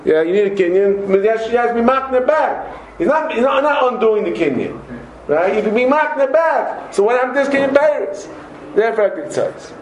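A man giving a Talmud class lecture, animated, repeating words and joking with his students. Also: very high voice, brisk, a little hiss or hum. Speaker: Talmud teacher. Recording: roomy echoey room.

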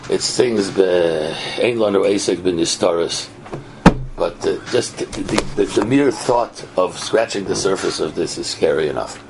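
Guy teaching a torah class, fried gravelly voice, noisy recording. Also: lowish voice. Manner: animated, keeps asking "right?". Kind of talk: Torah lecture.

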